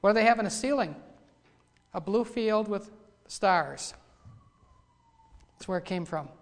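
A man preaching a sermon. He builds from quiet asides to loud, fervent cries when he reads scripture. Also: high voice, animated, unhurried. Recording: long hall reverb.

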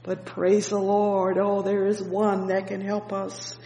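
A man preaching an evening sermon, explaining a psalm with fervent interjections of "oh yes" and "praise the Lord", reading scripture slowly and deliberately. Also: sits high, monotone, mellow. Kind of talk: evening sermon, Bible exposition. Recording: echoey hall with long reverb.

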